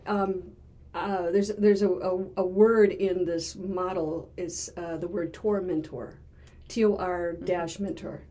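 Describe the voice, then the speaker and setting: An older woman, a retired therapist, speaking as a guest in a casual interview and often pausing and repeating words as she gathers her thoughts. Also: lowish voice, dark tone.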